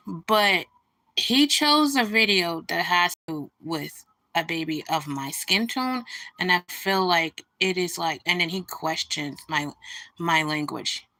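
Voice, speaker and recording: A woman's voice: on the low side, pushed and bright. A woman hosting a casual livestream, venting indignantly about a rude comment and greeting viewers as she goes. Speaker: livestream host.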